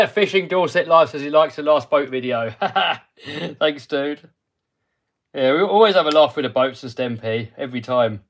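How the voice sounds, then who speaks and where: A man's voice: a little high, lively intonation, normal speed. A man from the UK hosting a casual livestream, talking himself through building a model truck and chatting with viewers. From United Kingdom. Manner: chatty, talks himself through each step and answers viewers. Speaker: RC hobby livestream host. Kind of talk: casual live-stream chat while building a model.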